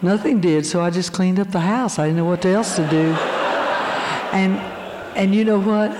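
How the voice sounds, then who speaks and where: Older woman, lively testimony speaker, voice ringing through a big hall. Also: medium pitch, normal speed. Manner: animated storyteller acting out voices. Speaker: speaker giving her testimony. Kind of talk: storytelling testimony to an audience. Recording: long hall reverb.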